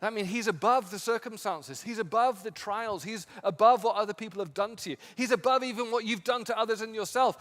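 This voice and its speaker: A male pastor preaching a sermon with impassioned emphasis, swinging from strong peaks to quiet, low passages. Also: brisk, hardly any pauses, in a large hall. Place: church sanctuary.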